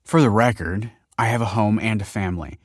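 A downcast, earnest young man with a lowish voice who puts himself down, read by a male narrator close to his own voice. Dry, close sound with no room around it. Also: a little fast, no echo, natural voice. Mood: glum. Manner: glum, self-deprecating.

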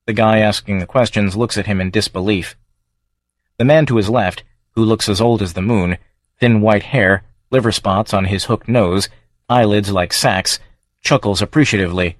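A man narrating an audiobook in a measured, even reading voice. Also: lowish voice, no echo. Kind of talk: scripted narration.

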